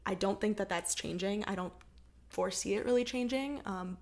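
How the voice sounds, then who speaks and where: A woman's voice: mid-range voice, normal speed, a little mellow. Chatty young American woman. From United States. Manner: chatty, thoughtful, frequent "like" fillers, laughs often. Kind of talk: casual conversation.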